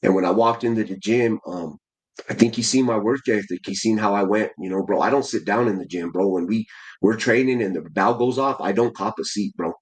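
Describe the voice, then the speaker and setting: Husky-voiced man in his forties. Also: lowish voice, fairly quick, poor audio. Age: 40s. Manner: slangy, keeps saying "bro", many restarts. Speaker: amateur heavyweight boxer, guest. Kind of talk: casual interview storytelling.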